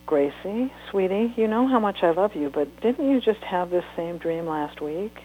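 A woman reading a book aloud, voicing a tired mother who speaks calmly and firmly. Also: lowish voice, normal speed, narrow, tinny audio, slight background noise, voice pushed up, natural voice. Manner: calm, firm. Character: calm, tired young mother.

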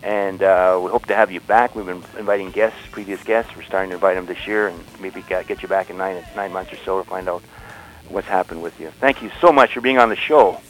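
A man co-hosting a talk radio show, chatting in an easygoing way and thinking aloud with many pauses. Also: low voice, steady tone, poor audio. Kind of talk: casual talk radio conversation.

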